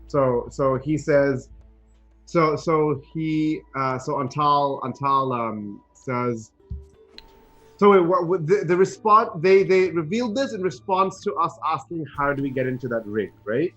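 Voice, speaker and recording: A man playing a tabletop game, talking in halting, wry bursts. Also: on the high side, expressive, a bit bright, highs cut off, soft background music. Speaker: player. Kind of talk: in-character tabletop chat.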